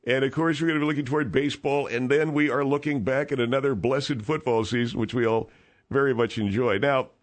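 A man's voice: medium pitch, fairly even intonation, a little fast, natural voice. A man playing a rambling, self-important steakhouse owner in a radio comedy monologue. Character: boastful older male steakhouse owner, rambling.

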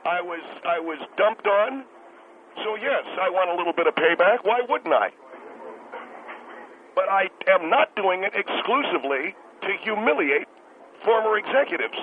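A man's voice: high voice, animated, moderate pace, pauses often. A man playing a bitter, pompous restaurant owner on a phone line. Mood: indignant. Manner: indignant, stammering, pompous. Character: bitter, self-important male restaurant owner caller. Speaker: caller on a talk show. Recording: tinny phone line with hiss.

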